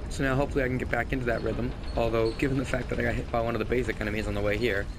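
A man's voice: mid-range voice, flat delivery, rapid-fire, noisy background. A man who has lost his voice and is short on sleep, giving rambling, self-deprecating commentary as he plays a game and swears at it now and then. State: hoarse, lost voice; tired from little sleep. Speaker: gaming channel host. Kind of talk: casual let's-play commentary. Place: home gaming setup, leaning back in chair.

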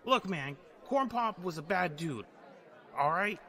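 A man's voice: high voice, expressive, measured pace, pushed and bright, some chatter behind, heavily acted. A man voicing a rambling elderly male president with a folksy, meandering way of talking. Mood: defensive. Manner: folksy, meandering, mumbled asides.

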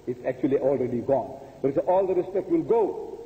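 A man's voice: mid-range voice, lively intonation, brisk. An older man giving a religious lecture, talking emphatically, repeating his points and asking the audience rhetorical questions. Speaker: preacher. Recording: tinny phone-like audio in a long-reverb hall.

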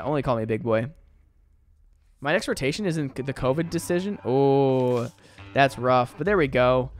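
A young man streaming a game, chatting casually with viewers and rambling with lots of fillers. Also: medium pitch. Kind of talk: casual live-stream chat.

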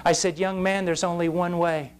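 A man's voice: high voice, flat delivery, normal speed, a little hiss or hum. Intense preacher man, impassioned sermon. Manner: intense, rising to shouts at climaxes.

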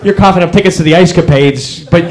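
A young man performing a stand-up comedy set, telling wry stories with sudden yells. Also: high-pitched, fast. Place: comedy club stage before a live audience. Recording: crowd laughter behind. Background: audience laughter.

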